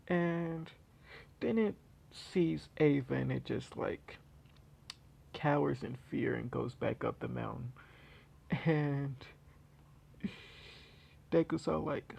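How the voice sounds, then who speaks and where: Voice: medium pitch, creaky, slightly rough. A storyteller casually retelling a fan story, rambling with many fillers and restarts.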